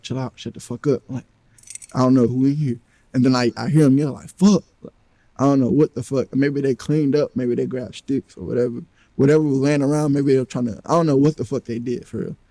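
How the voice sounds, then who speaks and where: A man recounts a story in an interview, acting out the quoted exchanges as he goes. His voice is mellow and dark, recorded dry and close with no room sound. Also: medium pitch, no echo. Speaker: interview guest.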